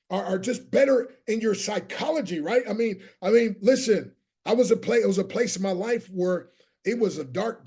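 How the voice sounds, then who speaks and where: A man giving a motivational seminar talk to an audience, energetic and preacher-like, repeating lines for emphasis and calling listeners "my friend". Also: sits high. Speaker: motivational speaker.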